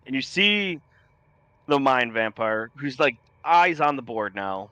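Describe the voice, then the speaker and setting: A man running a tabletop game as game master, narrating scenes casually with plenty of "like". His voice is bright and the sound is dry and close. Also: mid-range voice, big pitch swings, measured pace, dry recording. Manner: casual, descriptive.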